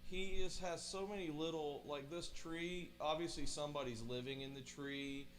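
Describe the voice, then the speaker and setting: A man's voice: on the high side, fairly even intonation, normal speed, soft background music. A middle-aged man hosting a livestream, reading a children's book aloud and chatting enthusiastically in rambling asides. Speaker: livestream host. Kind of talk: casual reading and chat on a livestream.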